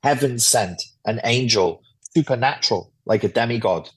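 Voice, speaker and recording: A man's voice: mid-range voice, normal speed, slightly rough. A man, a guest author, explaining a psychology topic in an interview in a blunt, lecture-like way, swearing freely.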